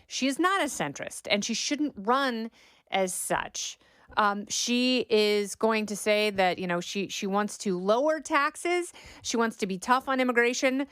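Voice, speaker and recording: A middle-aged woman hosts a political podcast, delivering opinionated commentary with a sarcastic bite. Her voice is smooth and crisp, recorded close and dry in a studio with no room sound. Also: fairly high pitch, unhurried, fairly bright tone, no room sound. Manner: sarcastic, mocks quoted talking points in exaggerated voices. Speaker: podcast host.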